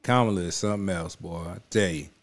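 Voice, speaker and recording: A man hosting a reaction video talks in a loose, emphatic way, repeating his points and checking in with his audience. His voice sits a little low. He speaks casually, straight to his viewers. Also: fast talker. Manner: emphatic, repeats himself, keeps saying "you know what I'm saying". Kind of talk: casual spoken commentary.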